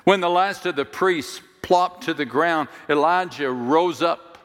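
A man's voice: a little high, slow pace, fairly bright tone, long reverb tail. A man preaching a sermon, telling the story dramatically, with jokes and direct appeals to his listeners. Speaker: pastor.

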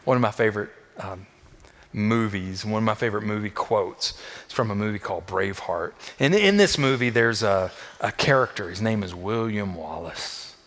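A male pastor preaching a sermon in a church, with emphatic repeated phrases and sudden swings between quiet and loud. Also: lowish voice, moderate pace. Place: church sanctuary. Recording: long echo of a large hall.

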